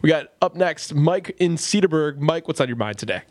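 A man hosting a call-in talk radio show, chatty, taking calls and riffing with quick asides. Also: fairly high pitch, animated, a little mellow, no echo.

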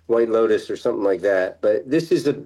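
A middle-aged man, an actor guest in a casual interview, relaxed and laughing often, sometimes trailing off mid-sentence. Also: fairly low pitch, a little fast, rough recording.

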